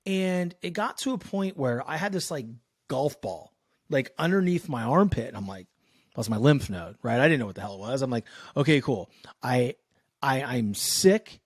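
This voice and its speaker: A man from Northern California, in his thirties, telling a story as a podcast guest in a loose, profane, animated way, acting out the people in it. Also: mid-range voice, normal speed, breathy edge, no room sound, studio quality. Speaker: podcast guest, sales coach. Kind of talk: casual storytelling in a podcast interview.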